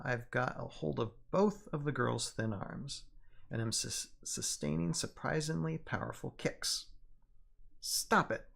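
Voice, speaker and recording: Gravelly man hosting a podcast. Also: medium pitch, a bit bright. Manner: halting, many fillers and restarts when chatting. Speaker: podcast host. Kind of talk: story reading and casual chat.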